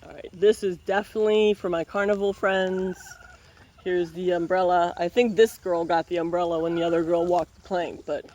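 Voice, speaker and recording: A woman's voice: lowish voice, steady tone, moderate pace, darkish tone. A woman reading a picture book aloud, breaking off for playful, wry running commentary.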